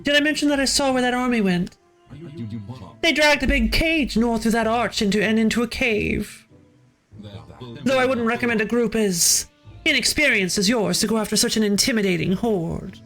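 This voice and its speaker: A woman voicing a smooth-talking male rogue locked in a cage, wry and evasive. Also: on the high side, moderate pace, a bit bright, soft background music, natural voice. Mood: coaxing. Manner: suave, wry, mock-modest.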